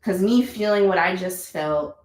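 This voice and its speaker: A woman's voice: lowish voice, normal speed, darkish tone, roomy sound, poor audio. A woman leading a live yoga class, chatty and encouraging, repeating her cues. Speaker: yoga instructor.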